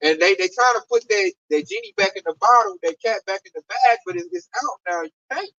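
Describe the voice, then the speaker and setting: A man's voice: high voice, big pitch swings, a little fast, bright, forceful tone, no room sound, far from the mic, muffled recording. A man preaching and explaining scripture in a casual, streetwise way, with scornful asides. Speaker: Bible teacher.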